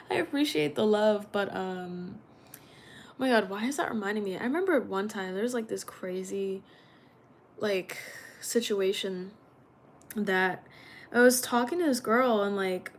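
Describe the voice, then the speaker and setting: A woman's voice: medium pitch, slight background noise. A young woman livestreaming, telling a story in a rambling, chatty way with many fillers. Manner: rambling, chatty, heavy use of "like".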